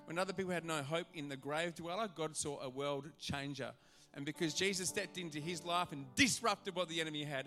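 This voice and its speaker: An animated male preacher delivers a sermon to his church, slipping into little voices as he tells his stories. His voice sits a touch high and sounds bright and forceful. A soft bed of music plays faintly behind him. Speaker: pastor. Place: church auditorium.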